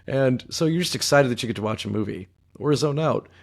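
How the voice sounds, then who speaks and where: Casting: 30s male podcast co-host, gravelly mid voice, dry wisecracks. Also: mid-range voice, fairly quick. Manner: dry joking asides. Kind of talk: casual movie review chat.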